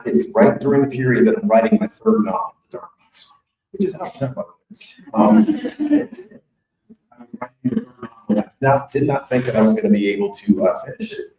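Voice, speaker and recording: Man, author speech, gravelly, mellow tone, lively pitch, echoing hall, distant mic. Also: moderate pace. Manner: candid, joking, conversational. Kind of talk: personal storytelling speech. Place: large event hall with an audience. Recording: echoey hall, voice from far off.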